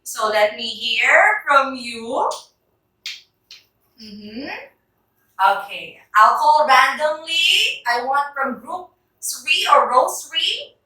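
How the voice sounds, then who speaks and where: A woman's voice: sits high, lively intonation, extremely slow, pauses often, bright, forceful tone. A woman with a Filipino English accent teaching a class, calling on students by name and checking that they understand. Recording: very echoey classroom from far off.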